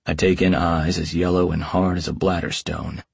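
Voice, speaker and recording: A man's voice: low voice, level tone, normal speed, creaky, husky, dry recording. A man reading an audiobook in the first person as a tomcat detective, with a wry, hardboiled delivery. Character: wisecracking tomcat detective narrating. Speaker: audiobook narrator.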